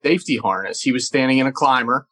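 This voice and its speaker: A man at a middle pitch talks casually with his guests, with a bright, forceful tone. His delivery is relaxed and full of small pauses. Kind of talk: casual chat.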